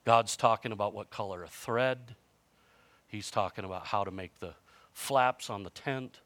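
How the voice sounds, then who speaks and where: A man's voice: fairly low pitch, normal speed, fairly bright tone, no room sound. Man in his fifties preaching, dry sound. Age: 50s. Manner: conversational storytelling, self-mocking humor, frequent restarts. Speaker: pastor. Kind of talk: sermon.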